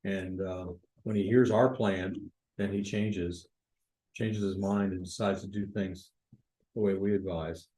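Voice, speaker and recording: A man's voice: deep voice, fairly even intonation, measured pace, mellow, poor audio. A man leading a Bible study in a church, teaching conversationally and asking the group questions. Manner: informal, with fillers and restarts, asks the group questions.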